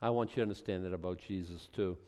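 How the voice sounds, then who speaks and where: A man preaching a sermon, reading scripture aloud and commenting on it, at times building to loud, emphatic passages. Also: sits low, fast talker, long reverb tail.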